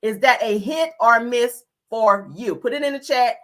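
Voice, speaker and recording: A woman's voice: on the high side, normal speed. A woman hosting a casual livestream, giving blunt, sassy fashion commentary and talking straight to her chat. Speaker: livestream host.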